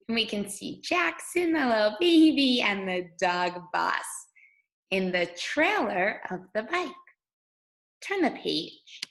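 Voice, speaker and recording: Slow, sing-song woman teacher. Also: on the high side, vocal fry, a bit bright, low-quality recording. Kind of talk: guided reading lesson for young children.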